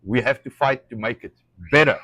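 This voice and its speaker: A man's voice: mid-range voice, a little fast, sharp tone, no room sound. A man co-hosting a live stream in casual chat, blunt and opinionated, rambling with restarts.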